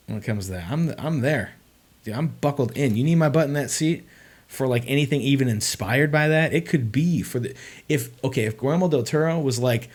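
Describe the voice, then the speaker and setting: Rambling, excitable young man streaming. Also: medium pitch, normal speed. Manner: rambling, excitable, lots of "like" and "dude". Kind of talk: casual livestream chat.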